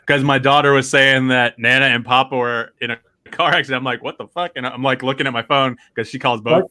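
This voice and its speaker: Bright-voiced man hosting a podcast. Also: medium pitch, steady tone, brisk, no room sound. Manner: rambling, laughs often, restarts. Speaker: podcast host. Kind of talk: casual chat.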